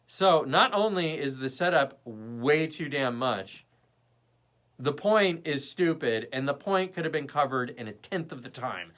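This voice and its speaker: Blunt animated man livestreaming. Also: mid-range voice. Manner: animated, mimics people in quick bits; blunt and profane. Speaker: livestream host. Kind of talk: casual live chat reading viewer comments.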